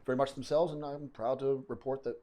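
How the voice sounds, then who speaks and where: A man's voice: mid-range voice, steady tone, brisk, dark tone. A middle-aged man hosting a casual chat, telling a long story in a rambling way with many restarts. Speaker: podcast host.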